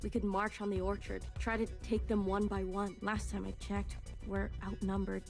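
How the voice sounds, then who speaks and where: A woman voices a strategic resistance leader in a game. Her delivery is measured and persuasive, with a mid-range pitch. Soft game music plays underneath. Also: little pitch movement, natural voice. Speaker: game character. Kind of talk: video game voice acting.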